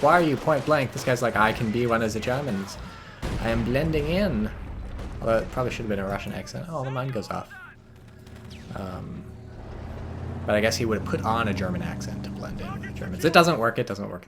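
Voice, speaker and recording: A man's voice: fairly low pitch, background noise. A man casually commentating a strategy game replay, wry and rambling, rising to exclamations at blunders.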